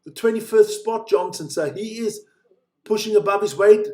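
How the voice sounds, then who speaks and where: Excitable higher-voiced male race commentator. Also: normal speed. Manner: chatty, joking, excitable during races. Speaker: live watch-along commentator. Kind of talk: casual live race commentary.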